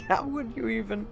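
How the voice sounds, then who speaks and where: A man's voice: very high-pitched, gravelly. A man streaming a let's play, reading in-game letters aloud and breaking into laughter.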